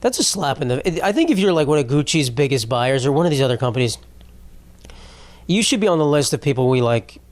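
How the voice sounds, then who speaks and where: A young male podcast host rambles through a profane comedic monologue, constantly cutting himself off mid-thought. His mid-range voice is expressive and a little fast, with no room sound.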